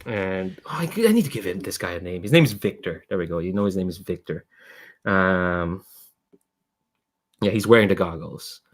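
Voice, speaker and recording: A man narrates a tabletop game as its game master, rambling along in a relaxed way and laughing often. His voice sits slightly low. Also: normal speed.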